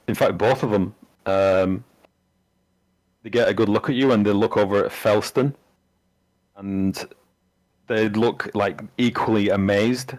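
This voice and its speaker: A man's voice: on the low side, darkish tone, no room sound, rough recording. A man narrating a tabletop game as game master, rambling and hesitant with many fillers.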